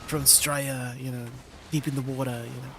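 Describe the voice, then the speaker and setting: A man's voice: medium pitch, little pitch movement, a little fast, noisy background. A man streaming live and chatting casually with his viewers, laid-back and laughing often. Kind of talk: casual livestream chat with viewers.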